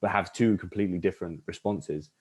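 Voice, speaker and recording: A man's voice: deep voice, steady tone, quick pace, darkish tone, slightly rough. A young man chatting casually on a podcast, rambling with lots of fillers and restarts. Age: young adult. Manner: rambling, many fillers and restarts, acts out pickup lines. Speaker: podcast host. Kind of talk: casual chat.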